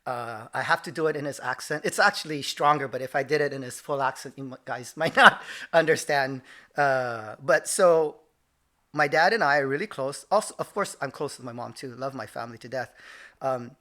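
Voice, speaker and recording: A man's voice: mid-range voice, moderate pace. A man in his thirties from Hawaii, a judo instructor, telling stories in a casual interview and laughing often. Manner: animated storyteller, laughs often. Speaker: judo instructor and dojo owner.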